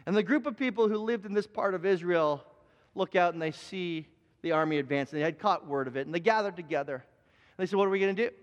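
Pastor, male, high voice, earnest and repetitive, preaching live in a church with a long hall echo. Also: brisk, highs cut off. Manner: earnest, repeats phrases for emphasis, frequent restarts. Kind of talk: live sermon. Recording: long reverb of a large hall.

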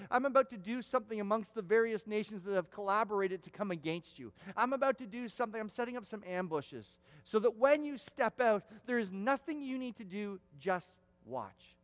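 A man's voice: high voice, animated, moderate pace, pitched above the performer's own voice. A man voicing God as an urgent, commanding divine presence in a sermon, with a long hall reverb. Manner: insistent, raised and pleading.

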